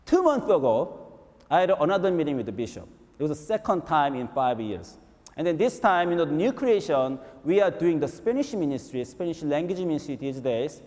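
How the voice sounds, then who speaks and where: A pastor with a high male voice delivers a storytelling sermon at a brisk pace. His telling is animated and repetitive, punctuated by frequent rhetorical "right?"s, and the large hall adds a long reverb.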